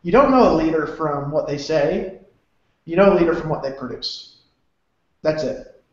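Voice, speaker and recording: A man's voice: fairly high pitch, moderate pace. A man hosting an online sales talk who rambles, swears, restarts his sentences and laughs often. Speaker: host of an online sales webinar. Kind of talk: loose, rambling sales pitch. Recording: very echoey room, dull lo-fi sound.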